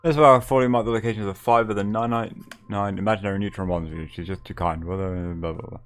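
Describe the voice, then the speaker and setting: A man's voice: on the low side, steady tone, fast, fairly bright tone, faint music behind. A young man streaming a game, chatting casually, joking and swearing freely. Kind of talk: casual gameplay commentary.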